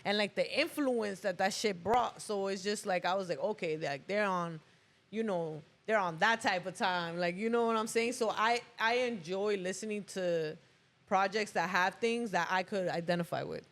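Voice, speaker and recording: Podcast host, relaxed interviewer, mid pitch, talks loose with lots of fillers. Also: moderate pace. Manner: casual, full of "like" and "you know what I'm saying". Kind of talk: casual interview chat.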